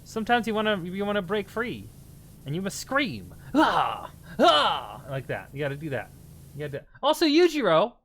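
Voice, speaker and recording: Animated young-sounding male streamer. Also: sits high, a little fast, slight background noise. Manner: animated, casual swearing and slang. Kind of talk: casual livestream chat.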